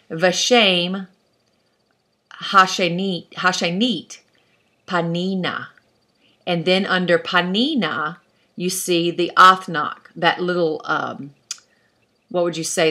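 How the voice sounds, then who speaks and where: A woman's voice: on the low side, sharp tone. A woman teaching an online class, explaining step by step in a patient way and thinking aloud as she goes. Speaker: Hebrew instructor.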